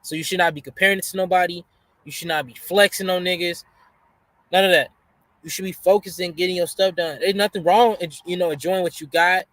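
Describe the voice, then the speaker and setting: A man hosting a reaction video, cutting in with casual, slangy motivational lessons. His voice sits a bit high for a man and sounds dry and close to the mic. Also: fairly even intonation, brisk, fairly bright tone, no echo. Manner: preachy, slangy, motivational asides. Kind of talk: casual commentary.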